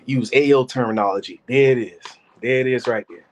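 A man in his thirties giving casual reaction commentary, animated and rambling, talking to his chat by name. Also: mid-range voice, fairly quick. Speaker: commentary host.

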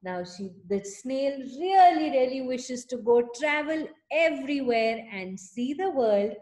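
Female teacher, storytime reader; slow, lively, slightly high voice. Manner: animated, pausing to explain and ask questions. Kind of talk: reading a picture book aloud to children.

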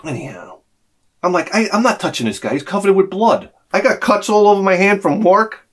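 A middle-aged man ranting to camera as a vlogger, profane and sarcastic, dropping to mutters and then shouting his outbursts. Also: sits high, expressive, fairly quick. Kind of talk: rambling comic rant to camera.

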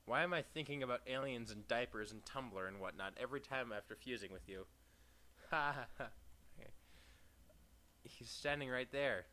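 A young man giving casual, profane gameplay commentary, reading game text aloud with sarcastic asides and sudden loud outbursts. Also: mid-range voice, moderate pace, pauses often. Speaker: let's play gamer.

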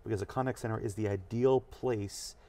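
Gravelly-voiced man explaining tech. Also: fairly low pitch. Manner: energetic, explanatory, fast bursts. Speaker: chief technology officer, guest. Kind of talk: studio interview. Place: studio.

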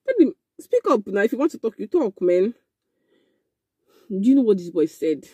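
A young woman telling a casual storytime, animated and excitable, with frequent exclamations. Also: medium pitch, normal speed, breathy edge, dry recording. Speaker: vlogger.

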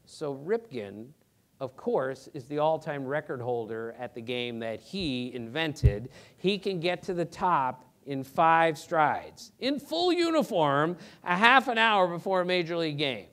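A middle-aged man, a sports reporter, telling lively anecdotes to a theater audience in quick, emphatic bursts. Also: a little high. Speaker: sports reporter giving a talk. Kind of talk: anecdotal storytelling presentation. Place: theater auditorium.

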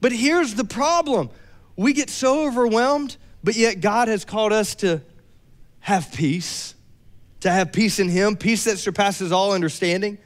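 A young adult man preaching a sermon, lively and joking with playful asides. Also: high-pitched, a little slow. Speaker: pastor.

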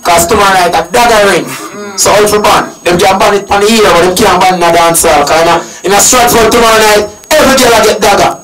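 Rowdy Jamaican-accented studio guest, higher voice, sits back from the mic. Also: male voice, quick pace. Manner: rowdy, laughing, keeps asking "you hear that". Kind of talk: boisterous radio banter. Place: busy radio studio. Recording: distant mic, loud crowd.

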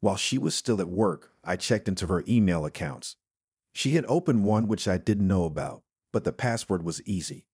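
A man tells a first-person story in a steady, plain manner. His voice sits on the low side and has a husky grain. The recording is close and dry with no room sound. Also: moderate pace, dry recording. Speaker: narrator.

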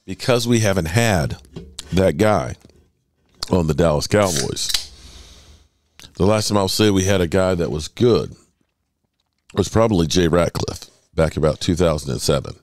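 A man's voice: deep voice, expressive, unhurried, pauses often, darkish tone, slight background noise. A man hosting a sports podcast, talking emphatically in solo commentary and stretching words for emphasis.

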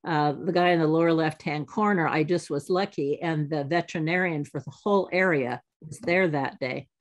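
A woman in her seventies giving a talk, telling lively anecdotes and acting out the exchanges she quotes. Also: sits low, normal speed. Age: 70s. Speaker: alumni speaker. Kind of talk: storytelling talk.

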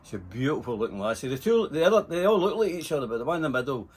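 A man's voice: medium pitch, very animated, very fast, husky. Older Scottish man, rambling and profane. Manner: rambling, profane, full of "eh" fillers. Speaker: interviewee telling stories. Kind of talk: casual storytelling.

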